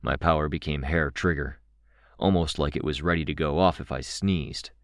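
A man voicing a quiet, wistful middle-aged uncle who speaks in a soft, measured way. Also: a bass voice, no room sound, studio quality.

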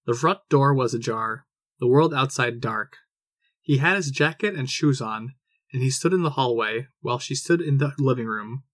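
A man narrating a fan audiobook in a measured storytelling manner. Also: mid-range voice, fairly bright tone, dry recording.

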